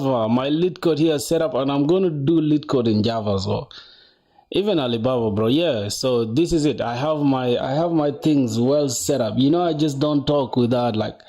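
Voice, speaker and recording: Young male streamer, rambling casual chat, mellow dark tone, keeps saying bro. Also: mid-range voice. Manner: chatty, rambling, says bro a lot, reads chat aloud. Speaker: coding livestreamer.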